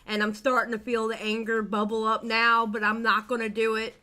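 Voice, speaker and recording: A woman's voice: a little high, monotone, fairly quick, bright, forceful tone. A woman hosting a reaction commentary, exasperated and repeating herself as she insists she won't get angry. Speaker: commentary channel host.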